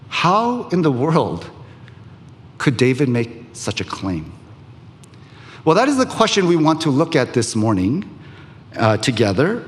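A man preaching a sermon to a congregation, speaking in measured phrases with emphatic pauses. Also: medium pitch, wildly swooping pitch, in a large hall. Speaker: pastor.

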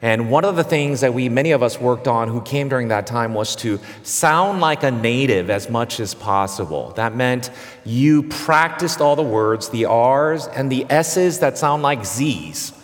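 A man preaching a sermon, earnest and measured and given to brief pauses and restarts. His mid-range voice rings out with a long reverb, as in a large sanctuary. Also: medium pitch, a bit bright. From immigrant who came to the US at nine. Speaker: pastor. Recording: hall reverb.

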